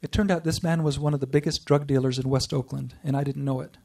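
Here a man recounts a personal spiritual experience as testimony before a group, earnest and prone to pauses and restarts. His mid-range voice is mellow, steady and creaky, recorded from a distance.

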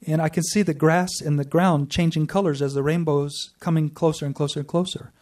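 A man giving an earnest personal testimony to a group, telling his story with pauses and restarts. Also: a little high, fairly even intonation, a little mellow, distant mic. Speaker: speaker sharing a personal spiritual story.

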